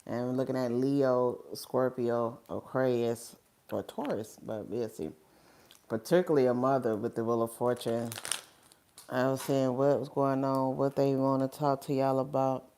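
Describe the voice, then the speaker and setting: Low-voiced woman giving a casual tarot reading. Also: level tone, measured pace, warm tone. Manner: casual, rambling, sprinkles "okay?" and "and stuff". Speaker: tarot reader.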